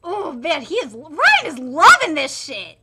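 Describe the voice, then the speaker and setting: A woman streamer reading a manga aloud and reacting live, excitable, exclaiming and swearing. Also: high-pitched, measured pace, very noisy.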